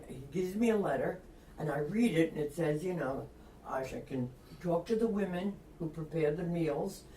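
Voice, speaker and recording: Older woman author, Long Island accent, lively storyteller who acts out quotes; distant mic, faint hiss. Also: sits low. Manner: animated storyteller acting out quotes, laughs often. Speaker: author guest. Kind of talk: storytelling interview. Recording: echoey room, distant mic, faint noise.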